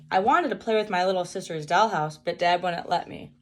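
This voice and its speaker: Woman slowly reading a kids' book. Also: medium pitch, expressive. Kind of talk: reading a children's book aloud.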